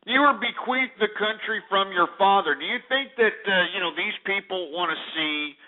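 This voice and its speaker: A man's voice: high-pitched, normal speed. A man hosting a talk radio show, ranting in a sarcastic, insulting way. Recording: tinny phone-like audio.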